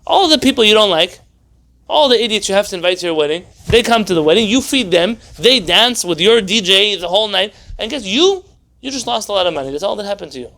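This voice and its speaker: A man teaching an informal Torah class as a rabbi, animated and wry, firing off rhetorical questions and sarcastic asides. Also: sits high, fast.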